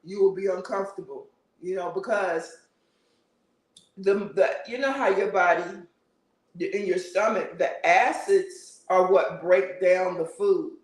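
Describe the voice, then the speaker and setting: A man's voice: sits high, unhurried, recorded from a distance. A man hosting a casual livestream, chatting and answering viewer comments with frequent laughter. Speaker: livestream host. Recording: roomy, a bit off-mic.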